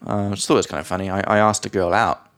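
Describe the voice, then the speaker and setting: A man's voice: low voice, level tone, racing, a bit bright. A man co-hosting a podcast, telling stories in a loose, chatty way with lots of fillers. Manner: chatty storyteller, many fillers, acts out quoted lines. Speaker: podcast co-host. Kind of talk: casual chat.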